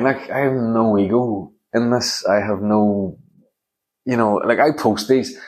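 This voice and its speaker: A middle-aged man rambles through a solo comedy podcast. His voice sits somewhat low as he rants, sweary and sarcastic, with lots of restarts.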